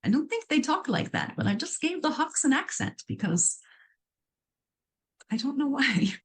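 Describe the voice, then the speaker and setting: A woman's voice: high-pitched, normal speed. Chatty Iowa woman hosting a psychic call-in show. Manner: chatty, animated, self-interrupting, playful asides. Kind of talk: live call-in show, reading and answering questions.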